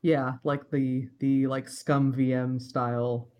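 A podcast co-host in casual chat, talking haltingly with restarts and short agreeing replies. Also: mid-range voice, level tone, a little mellow, smooth. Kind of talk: casual chat about a video game.

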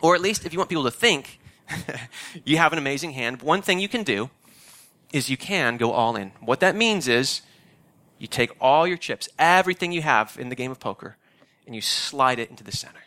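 A man's voice: mid-range voice, lively intonation, moderate pace, sharp tone. A man, a pastor giving a conversational, emphatic sermon that repeats its key phrases.

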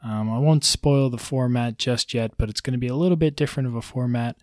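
Guy doing his own podcast, chill and chatty, lots of ums, dry close sound, middle pitch. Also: brisk, dry recording. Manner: relaxed, loose, with frequent ums and uhs. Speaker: podcast host. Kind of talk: casual solo podcast talk.

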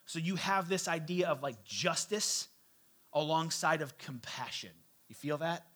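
A man's voice: on the high side, a bit bright. A man in his forties preaching a sermon in a loose, conversational way, with asides to the congregation. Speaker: pastor.

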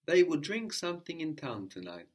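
A man's voice: fairly high pitch, big pitch swings, a little mellow, breathy edge. Patient male language teacher. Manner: patient, repeats answers back slowly, ends points with a questioning "no?".

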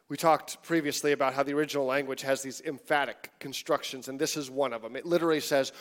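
A man preaching a sermon in a conversational, animated way, sometimes dropping to hushed tones. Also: mid-range voice, brisk. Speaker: pastor.

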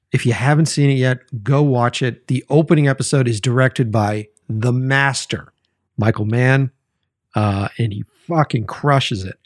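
A man's voice: medium pitch, no room sound, clean studio sound. A man hosting his own podcast, chatting casually in a rambling, profane way full of fillers. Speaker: podcast host. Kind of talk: casual solo podcast chat.

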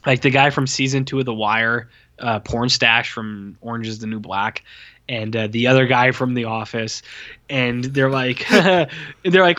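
Man, casual podcast rant, swears a lot, mid pitch, dull lo-fi sound. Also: normal speed. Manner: profane, exasperated, mocks lines in flat voices. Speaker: podcast co-host. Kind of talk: casual movie review chat.

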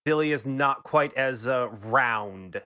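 A man's voice: medium pitch, slow pace, pushed and bright, smooth. A man hosting a gaming podcast, chatting casually and joking with his co-hosts. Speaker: podcast host. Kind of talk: casual chat.

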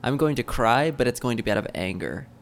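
A man's voice: medium pitch, animated, quick pace, a little hiss or hum. A young man in casual chat, joking with dry mock outrage.

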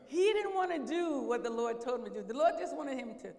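A woman preaching a sermon, telling a story and acting out its voices, rising at times to a shout. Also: high-pitched, lively intonation, moderate pace, creaky. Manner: acts out voices, voice swells to shouting. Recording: echoey hall.

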